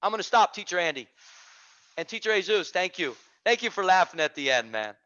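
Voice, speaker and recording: A man hosting an online teaching community, giving an energetic, preachy talk on a video call and repeating phrases for emphasis. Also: high voice, a little fast. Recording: dull lo-fi video call audio.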